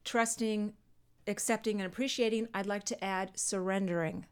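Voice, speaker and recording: A middle-aged woman hosts a relaxed conversational interview. She is a personal fitness trainer, and she tells her stories with animated emphasis and frequent laughter. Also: medium pitch, moderate pace, smooth. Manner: animated and expressive, laughs easily. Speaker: podcast host and fitness trainer.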